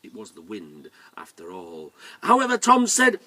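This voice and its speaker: A man telling a folk tale to children in a lively way, inviting the listeners to join in. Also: fairly low pitch, moderate pace, few pauses, far from the mic. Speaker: storyteller. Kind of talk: oral storytelling for children.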